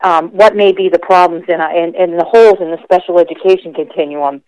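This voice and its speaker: A woman school board member calling in to a radio show, speaking earnestly with a slightly gravelly morning voice. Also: lowish voice, fairly even intonation, a little fast, darkish tone, no room sound, poor audio. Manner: earnest, emphatic, restarts phrases. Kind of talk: call-in conversation.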